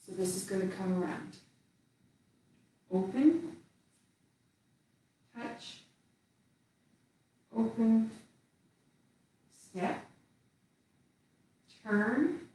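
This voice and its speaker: A woman teaching tai chi, giving calm cues while she moves through the form. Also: mid-range voice, distant mic. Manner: calm, slow cues spoken while moving. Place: indoor room with little space. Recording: very echoey room, voice away from the mic.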